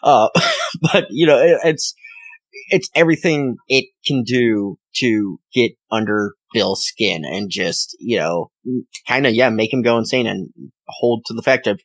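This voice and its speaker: A man co-hosting a podcast, chatting casually in a relaxed, rambling way and reading passages aloud. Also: on the low side, a little slow, dry recording, low-quality recording. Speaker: podcast co-host, longtime fan.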